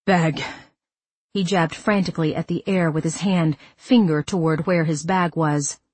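Female audiobook narrator, low breathy tone, dry close sound, steady first-person reading. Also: normal speed, no echo.

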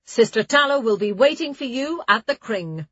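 A woman's voice: fairly high pitch, expressive, measured pace, fairly bright tone, husky, no echo, muffled recording, pitched above the performer's own voice, exaggerated voice. Woman doing a stern, commanding older abbess. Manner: formal, authoritative address.

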